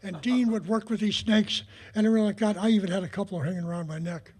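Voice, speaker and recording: Older male raconteur with a husky, high voice; rambling stories with acted-out quotes. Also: steady tone, a little mellow. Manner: rambling, many filler pauses, acts out quoted dialogue. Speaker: retired prop master giving a talk. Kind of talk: anecdotal storytelling talk. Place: talk in front of an audience.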